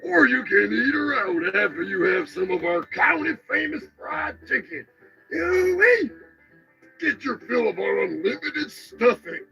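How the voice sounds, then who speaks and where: A man voicing a rowdy hillbilly pitchman in a lewd mock radio commercial, hollering folksy lines. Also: sing-song, a little slow, vocal fry, bright, forceful tone, soft background music, full character voice, poor audio.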